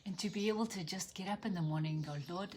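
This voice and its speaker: Earnest woman teaching faith, soft asides. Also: on the low side, fast, a little hiss or hum. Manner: earnest, animated, keeps asking "right?". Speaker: Christian speaker and teacher. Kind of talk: devotional teaching talk.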